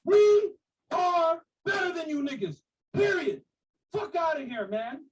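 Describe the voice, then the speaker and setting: A woman boasting brashly in a shouted, profane rant. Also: extremely high pitch, big pitch swings, a little slow, distant mic, low-quality recording.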